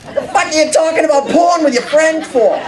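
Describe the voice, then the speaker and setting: A teen boy doing a loud Boston mom. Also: brisk, reverberant, far from the mic, natural voice. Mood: scolding. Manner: yelling, high and crude. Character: loud Boston mom, middle-aged woman, foul-mouthed. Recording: noisy live room with crowd laughter.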